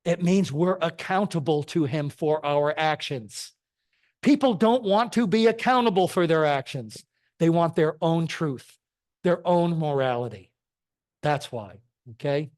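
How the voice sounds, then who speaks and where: Middle-aged male church speaker, sermon lecture, slightly high voice, punchy and emphatic, keeps asking "okay?". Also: a little slow, darkish tone. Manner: emphatic, rhetorical questions, frequent "okay?" checks. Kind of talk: sermon-style lecture on science and faith. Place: church sanctuary.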